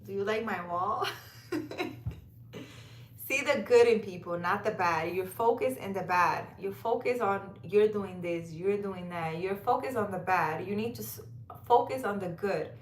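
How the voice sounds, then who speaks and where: A woman's voice: medium pitch, unhurried, a little hiss or hum. A woman chatting casually on a livestream outdoors in a park at night, reading out viewer comments, talking straight to viewers by name and laughing often. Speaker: livestream tarot reader.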